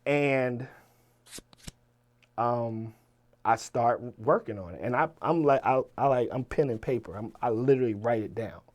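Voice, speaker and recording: A man with a Virginia accent, a rapper telling stories as an interview guest in a casual, animated way, swearing and acting out the people he quotes. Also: mid-range voice, measured pace. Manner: animated, profane, quotes people in lively voices. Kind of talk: casual storytelling.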